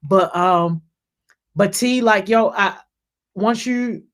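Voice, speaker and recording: An energetic youth leader talks loosely to the group, dropping "yo" into nearly every sentence and circling back over the same words. The voice sits at a middling pitch. It jumps up in pitch and volume when someone is called out by name. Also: slow pace. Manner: peppers speech with "yo", repeats and restarts phrases. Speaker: youth program leader hosting a group call. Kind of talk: casual shout-outs and encouragement.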